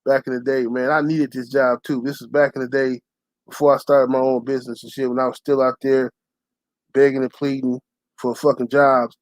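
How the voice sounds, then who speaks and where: A young man ranting to his channel's viewers, telling a story in a loud, profane, heated way and shouting the lines he quotes. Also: mid-range voice, dry recording. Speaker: channel host. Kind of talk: profane storytelling rant to camera.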